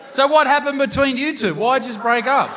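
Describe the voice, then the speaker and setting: A man's voice: extremely high pitch, fairly quick, sharp tone. A young Australian man doing stand-up comedy, bantering crudely with the audience on a theatre stage into a handheld mic. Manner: brash, crude banter with the crowd. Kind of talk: stand-up crowd work. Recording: live hall reverb with audience noise.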